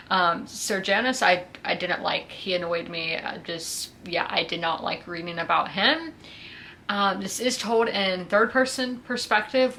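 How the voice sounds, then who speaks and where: A woman's voice: on the low side, gravelly, sharp tone, slight background noise. A woman in her twenties from South Carolina, chatting casually about her weekly reading with plenty of fillers. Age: 20s. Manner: chatty, frequent fillers like "you know" and "um". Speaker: book vlogger. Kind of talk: casual chat.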